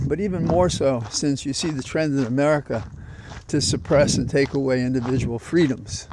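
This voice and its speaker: A man talking into a portable mic while out on a walk, rambling and reflective with many pauses. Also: medium pitch, a little mellow, a little hiss or hum. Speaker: vlogger. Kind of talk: walking commentary. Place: outdoors on a walk. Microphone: portable mic carried while walking.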